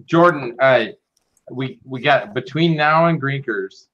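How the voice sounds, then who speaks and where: A man's voice: mid-range voice, takes it slowly, a bit bright, muffled recording. A man in a casual chat, loosely planning with many "uh"s and "you know"s. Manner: loose, filler-heavy planning talk.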